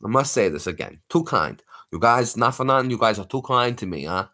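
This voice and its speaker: A man hosts a late-night livestream and chats easily with his viewers. He talks in a playful, joking way. His pitch moves a lot as he speaks. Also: lively intonation, a little fast, bright, forceful tone. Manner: playful, jokey, slips into put-on accents. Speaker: livestream host.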